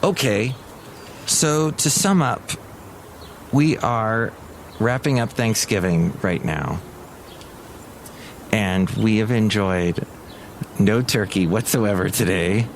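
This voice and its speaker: A man's voice: fairly low pitch, slow, gravelly, long pauses, slight background noise. A man hosting a podcast, chatting casually and jokily, rambling from one thought to the next. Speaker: podcast host. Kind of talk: casual chat.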